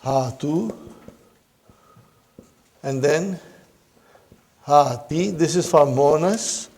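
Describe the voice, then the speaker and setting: A man's voice: fairly high pitch, very slow, darkish tone. A man teaching an Arabic grammar lesson to a class, who keeps asking questions and checking in with "huh?".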